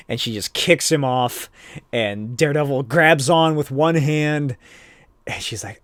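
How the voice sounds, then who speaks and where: A man's voice: mid-range voice, measured pace, fairly bright tone, dry recording. A man hosting a podcast, recapping a comic in a rambling, profane, chatty way. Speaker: podcast host.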